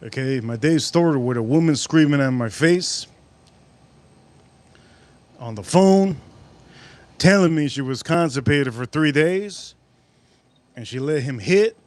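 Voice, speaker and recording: A man hosting a casual livestream, rambling and excitable, repeating himself as he chats. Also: fairly high pitch, slow, pauses often, dry recording. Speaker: livestream host.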